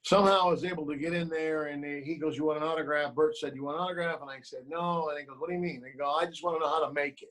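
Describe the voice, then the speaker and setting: Animated man telling stories on a call. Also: on the high side, very fast, hardly any pauses, rough recording. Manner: animated storyteller, acts out quoted voices. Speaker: actor and producer, guest. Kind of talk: remote interview, storytelling advice.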